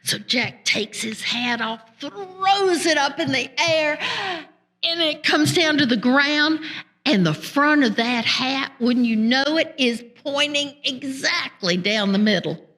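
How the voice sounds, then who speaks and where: A woman tells a folk tale to listeners in a folksy, conversational manner, with rural turns of speech. Her voice is bright and fairly high, and she takes her time. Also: expressive, slow pace. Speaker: storyteller.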